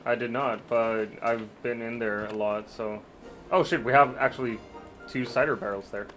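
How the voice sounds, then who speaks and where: A man's voice: mid-range voice, steady tone, normal speed, fairly bright tone, faint music behind. Laid-back man streaming a game. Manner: laid-back, swears casually, laughs easily. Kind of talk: casual gameplay chat.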